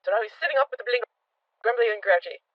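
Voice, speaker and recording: A game master recapping a tabletop adventure, telling the story at a rapid clip. The voice sounds dry and close, with animated, lively narration. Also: mid-range voice, no echo, lo-fi sound.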